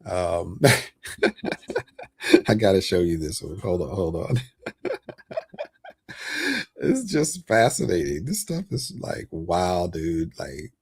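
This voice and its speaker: A man with a very low, gravelly voice talks casually on a livestream about investing. His tone is husky and he chats loosely, with plenty of fillers and chuckles. The sound is close and dry. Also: big pitch swings, takes it slowly, pauses often, darkish tone, dry recording. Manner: loose and chatty, many fillers, chuckles often. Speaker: online host talking about investments.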